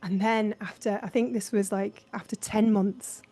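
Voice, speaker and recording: A woman's voice: mid-range voice, fairly even intonation, moderate pace, warm tone. A woman hosting a live online session, talking casually through her slides in a chatty, self-mocking way and laughing often. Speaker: host presenting a slideshow.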